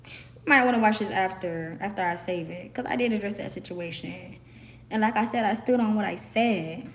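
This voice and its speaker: A young woman from the American South with a Southern accent, hoarse from screaming, ranting sassily and emphatically to camera. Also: mid-range voice, moderate pace, a bit bright, a little hiss or hum. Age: young adult. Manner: sassy, emphatic, repeats herself. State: hoarse, voice worn out. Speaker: vlogger.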